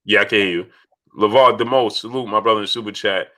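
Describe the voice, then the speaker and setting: A low-voiced man runs a casual livestream chat, calling out names from the chat. His voice is bright and forceful and sits low. He repeats phrases as he goes. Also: fairly even intonation, fast. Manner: shouts out chat donors, repeats himself. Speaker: livestream host.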